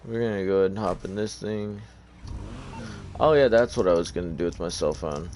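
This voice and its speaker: A man's voice: low voice, a little fast, darkish tone, a little hiss or hum. A tired man giving casual, rambling gameplay commentary in an offhand, hesitant way. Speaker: gamer.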